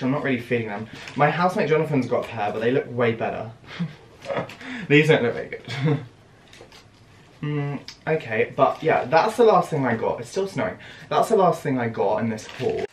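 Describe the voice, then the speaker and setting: An excitable young British man unboxing a clothing haul, his pitch swinging wildly between gasps and exclamations. He is recorded in an echoey room with clear noise behind him. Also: moderate pace. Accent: British English. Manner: excitable and exclamatory, gasping and laughing often. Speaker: fashion vlogger.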